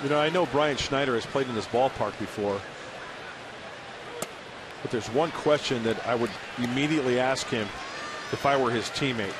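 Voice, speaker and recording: A man with a raspy voice giving chatty, opinionated baseball color commentary. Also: medium pitch, moderate pace, pauses often. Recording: broadcast booth with stadium crowd. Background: stadium crowd noise.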